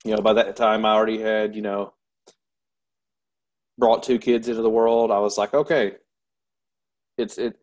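A military veteran relates a painful personal story in an interview with a completely flat delivery in a lowish voice. He is candid, yet halts often, pausing and beginning again many times.

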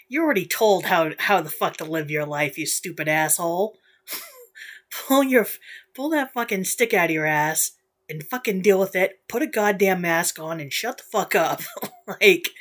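Low, slow-talking profane woman podcaster. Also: fairly bright tone, slightly rough. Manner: profane, blunt, laughs often. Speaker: podcast host. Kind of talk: casual solo podcast rant.

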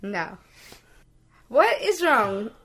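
A woman's voice: fairly high pitch, very animated, extremely slow, fairly bright tone. Teasing woman co-host, casual chat. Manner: teasing, laughs often. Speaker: podcast co-host.

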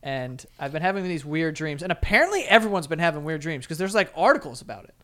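Male podcast co-host, high voice, animated storyteller who does the voices. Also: quick pace. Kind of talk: casual chat.

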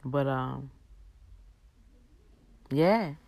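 A woman's voice: extremely low pitch, vocal fry, a little mellow, dry recording. Tired woman preaching on a livestream. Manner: exhorting, slow emphatic repeats. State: tired, yawning. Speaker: livestream host giving faith talk. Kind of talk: preachy casual livestream talk.

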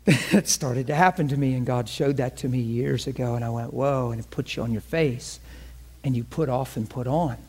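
A man preaching a personal testimony, swinging from hushed speech to loud, breaking, tearful cries. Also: medium pitch, moderate pace, husky. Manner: earnest storytelling with quoted speech. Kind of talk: testimony sermon.

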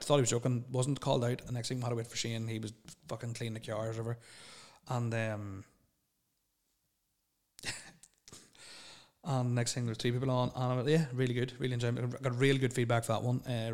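A young man hosting a solo podcast, rambling and swearing bluntly as he answers listener questions. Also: mid-range voice. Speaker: podcast host.

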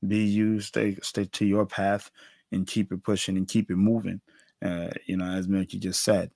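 A man hosting an interview podcast, talking in a relaxed, slangy way with hesitant fillers. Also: low-pitched, moderate pace, creaky, no room sound, studio quality. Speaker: podcast host. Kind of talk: casual interview chat.

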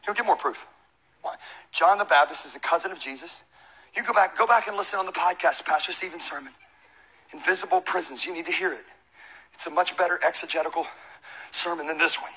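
A pastor from the American South who preaches his sermon as lively, high-energy comic storytelling. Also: quick pace, pauses often, husky, low-quality recording.

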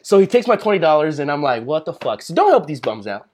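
Husky, lively young man telling stories. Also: a little high, fast. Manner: loose, storytelling, swears freely. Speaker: podcast co-host. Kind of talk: casual podcast chat.

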